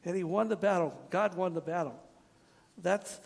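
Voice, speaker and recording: Male pastor, sermon, husky gravelly voice, slightly high pitch, earnest and direct. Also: moderate pace, a little mellow, in a large hall. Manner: earnest, direct, asks the congregation questions; slips in wry jokes.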